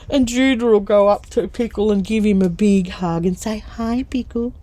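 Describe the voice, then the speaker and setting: A woman's voice: medium pitch, dark tone. An older woman, chatting candidly while she sews for her craft vlog, laughing often. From Australia. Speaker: craft vlogger. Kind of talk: casual chat while sewing.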